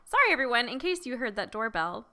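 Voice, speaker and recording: A woman's voice: on the high side, big pitch swings, quick pace, sharp tone. A woman co-hosting a casual book podcast, easygoing and laughing often. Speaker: podcast co-host. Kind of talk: casual book discussion chat.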